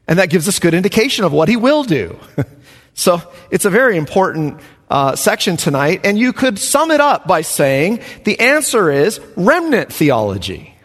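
A man preaching a Bible study sermon, emphatic and animated, chuckling between points. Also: high-pitched, slightly rough. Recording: long hall reverb.

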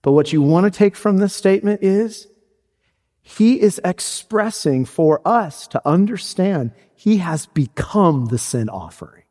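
A man preaching a sermon as pastor, slow and deliberate, climbing to high emphatic peaks. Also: lively intonation, mellow. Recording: long hall reverb.

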